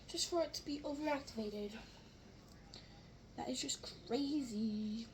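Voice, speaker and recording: High-voiced young girl chatting about slime. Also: measured pace, long pauses, a little mellow, a little hiss or hum, poor audio. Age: child. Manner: chatty, easily amused, exaggerated reactions. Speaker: slime vlogger. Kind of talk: casual vlog chat.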